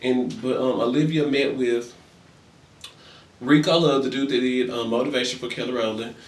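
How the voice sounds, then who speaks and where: A man's voice: medium pitch, fairly even intonation, normal speed. Sassy young man ranting gossip, echoey room. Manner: sassy, profane, acts out quoted voices. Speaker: vlogger recapping reality TV. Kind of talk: casual gossip rant. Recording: echoey room, far from mic.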